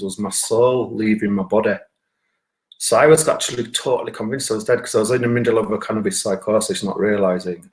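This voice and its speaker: Sweary Bradford-accented man telling a story. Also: fairly low pitch. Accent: Northern English (Bradford). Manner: profane, rambling, excitable anecdote. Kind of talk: stand-up storytelling.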